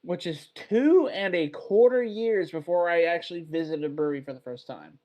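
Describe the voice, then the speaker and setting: A man's voice: on the high side, moderate pace, warm tone. A man from Texas hosting a casual beer podcast, chatty and rambling, swearing offhand. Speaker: podcast host. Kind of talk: casual chat.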